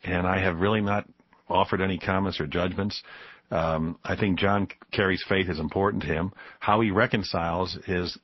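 A deep-voiced man in his fifties, from Buffalo, New York, telling animated stories as a guest on a radio show. His voice is husky and low. The sound is dry and a bit dull, like a studio broadcast. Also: normal speed. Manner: animated storyteller who laughs easily. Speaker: guest author. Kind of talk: radio interview storytelling. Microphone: studio microphone.

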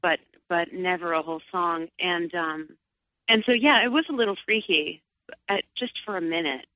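A middle-aged woman from Long Island, chatting as a guest in an interview, animated and acting out her own thoughts. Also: lowish voice, moderate pace, no echo. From Long Island, New York. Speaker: singer and guest. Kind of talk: casual interview. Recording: dull, lo-fi sound.

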